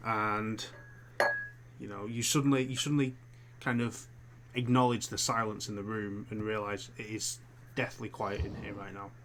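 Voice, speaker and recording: A man's voice: on the low side, level tone, normal speed. List: man, game master, hesitant narration, restarts, faint background hiss. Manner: hesitant, many fillers and restarts. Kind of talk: narrating a tabletop horror game.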